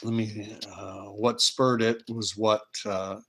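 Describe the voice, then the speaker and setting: A man's voice: fairly low pitch, flat delivery, slow pace, fairly bright tone, breathy edge. Digressive Canadian man hosting a stream. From Canada and the United States. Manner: digressive, reads viewer chat messages aloud. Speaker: host. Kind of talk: casual live-stream commentary.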